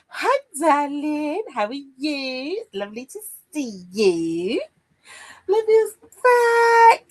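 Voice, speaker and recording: A high-voiced woman in middle age hosts a craft livestream on poor-quality audio. She talks casually, reads viewer comments with a playful touch, and is chatty and warm, trailing off and laughing now and then.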